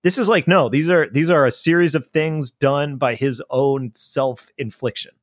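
A man co-hosting a casual podcast, reading news items aloud in a measured, wry way with dry asides. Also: a little high, dry recording. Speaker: podcast co-host.

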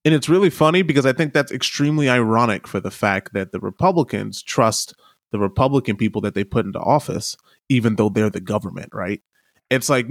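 A man's voice: medium pitch, animated, a little fast, dry recording, studio quality. A man co-hosting a casual podcast, arguing his points with rhetorical questions. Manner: argumentative, asks rhetorical questions. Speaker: podcast co-host. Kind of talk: casual political chat.

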